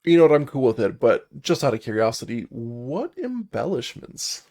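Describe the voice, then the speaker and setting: A man's voice: mid-range voice, big pitch swings, normal speed, a little mellow. A man playing a casual friendly adventurer.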